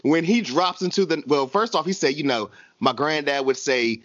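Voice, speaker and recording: A man co-hosting a casual wrestling podcast, animated and slangy, laughing often. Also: on the high side, moderate pace, few pauses, dry recording, lo-fi sound. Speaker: podcast co-host.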